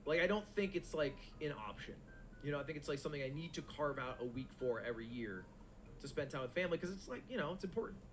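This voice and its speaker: Lively, expressive man telling stories. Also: on the high side, quick pace, faint music behind. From United States. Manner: animated, profane storyteller. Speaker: stream co-host. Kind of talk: casual storytelling chat.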